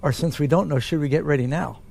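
A man, a pastor, answering Bible questions in a relaxed, conversational way. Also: fairly high pitch, quick pace, gravelly.

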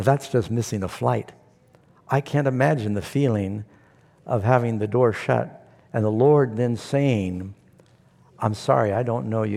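A man preaching a sermon to a congregation, telling a story with animated asides. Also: medium pitch, creaky. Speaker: pastor. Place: church hall before a congregation. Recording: long hall reverb.

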